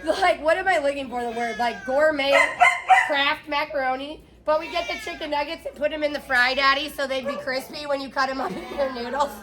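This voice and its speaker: A woman's voice: high-pitched, fairly quick, heavy background noise. A middle-aged woman chatting candidly while bathing a cat, swearing freely as she talks. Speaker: pet groomer vlogger.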